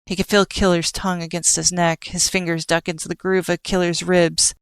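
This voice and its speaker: A woman reading an audiobook in a steady storytelling manner. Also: on the low side, fairly quick, clear, resonant tone, no echo. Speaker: audiobook narrator. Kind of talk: scripted audiobook narration.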